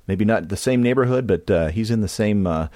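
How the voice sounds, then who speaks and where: A man's voice: on the low side, a little fast, dark tone, no echo, studio quality. A man from California hosting a podcast in a casual, rambling monologue with many restarts. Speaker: podcast host.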